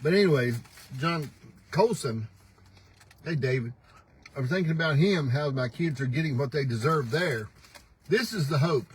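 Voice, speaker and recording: A man's voice: a little high, animated, moderate pace, long pauses, breathy edge, low-quality recording. An older man hosting a casual morning livestream, folksy and teasing, laughing often as he talks. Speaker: host. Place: pickup truck.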